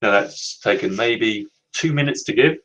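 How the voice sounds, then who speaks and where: A man whose voice is fairly low in pitch but fairly bright in tone presents a leadership training webinar. His explanations are measured and emphatic, and he slows to stress key words. The recording quality is low.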